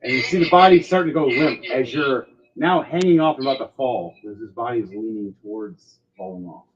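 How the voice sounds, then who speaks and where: Guy gm narrating a tabletop game, gets animated, kinda dull lo-fi sound. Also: medium pitch, a little fast, crowd noise. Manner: animated, acts out sound effects and cries. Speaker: game master.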